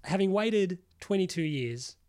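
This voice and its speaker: Podcast co-host, man, slightly high-pitched, chatty and animated, swears casually. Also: unhurried, clean tone. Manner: rambling, animated, swears freely, lots of "like". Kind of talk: casual chat.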